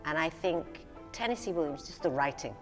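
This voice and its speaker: An older woman, a singer and stage actress, talking candidly and self-deprecatingly in a relaxed interview, often laughing at herself. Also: sits low, moderate pace, big-room sound, over music.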